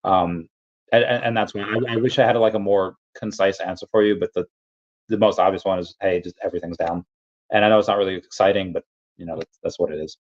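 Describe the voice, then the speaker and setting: Low-voiced man chatting on a livestream. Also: fairly even intonation, fast, muffled recording. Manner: rambling, reads viewer comments aloud. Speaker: livestream host. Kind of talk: casual livestream chat.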